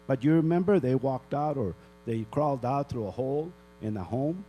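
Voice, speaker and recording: A man's voice: mid-range voice, lively intonation, moderate pace, dark tone, slight background noise, poor audio. An older man from northern New Mexico giving an angry public comment at a town council meeting, scolding and firing off rhetorical questions.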